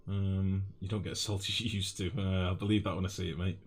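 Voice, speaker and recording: A man's voice: sits low, little pitch movement, quick pace. A young northern English man live-streaming a game, thinking aloud and chatting casually with viewers, calling them mate. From northwest England. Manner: thinks aloud, chats with chat, calls people mate.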